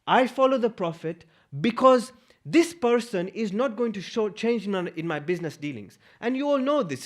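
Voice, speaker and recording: A man giving a religious lecture, posing rhetorical questions with emphasis. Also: very high voice.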